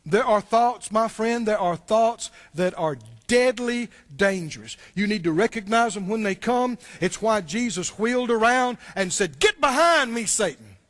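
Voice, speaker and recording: A male pastor preaching a sermon, animated and full of rhetorical questions. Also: high voice, unhurried, hardly any pauses.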